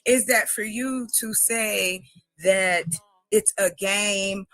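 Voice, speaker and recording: Bright-voiced woman pushing back firmly. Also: mid-range voice, takes it slowly, no echo, rough recording. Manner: firm, questioning, pushes back. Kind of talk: debate on a talk show.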